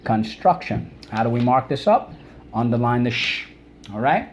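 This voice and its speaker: A man with a medium-pitched, sing-song voice teaches a recorded vocabulary lesson for children, with slight noise in the background. He draws out syllables and coaxes the students to repeat words.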